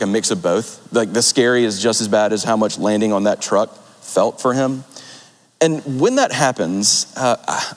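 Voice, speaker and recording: A young man giving an earnest, conversational sermon and telling stories from his own life. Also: lowish voice. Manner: earnest, conversational, warm storytelling. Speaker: preacher. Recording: long hall reverb.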